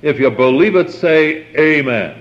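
A man's voice: on the high side, lively intonation, a little slow. An older man preaching a sermon, reading scripture aloud and stopping often to explain it, repeating key phrases with emphasis and asking the congregation to answer back. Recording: dull lo-fi old sermon tape.

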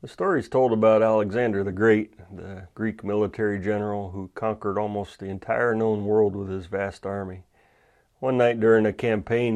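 A male pastor delivers a Bible sermon in a low voice. He tells stories and reads scripture in a measured way, leaning hard on key words. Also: a little mellow. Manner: measured, emphatic scripture reading.

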